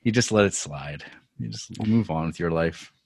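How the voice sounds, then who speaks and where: A man's voice: deep voice, normal speed, creaky, a little mellow, breathy edge, no room sound, clean studio sound. An Australian man co-hosting a movie podcast, rambling and self-deprecating in casual chat. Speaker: podcast co-host.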